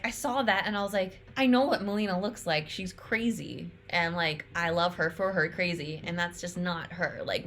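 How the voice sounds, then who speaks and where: A woman's voice: mid-range voice, a bit bright, a little hiss or hum. A woman giving casual, chatty film commentary, with lots of "like" and some swearing. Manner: chatty, frequent "like", swears freely. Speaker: YouTuber reviewing an animated film.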